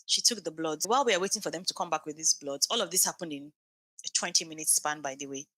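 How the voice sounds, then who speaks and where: Bright-voiced woman telling a vivid story. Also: deep voice, quick pace, dry recording. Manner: animated, acts out quoted dialogue. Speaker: podcast guest. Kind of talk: emotional storytelling.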